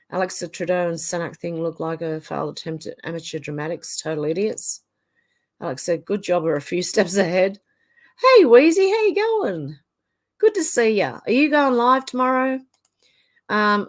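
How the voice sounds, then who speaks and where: Australian woman reading chat aloud. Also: lowish voice. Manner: reads viewer comments aloud, chatty asides. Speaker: livestream host reading chat. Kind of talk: casual chat.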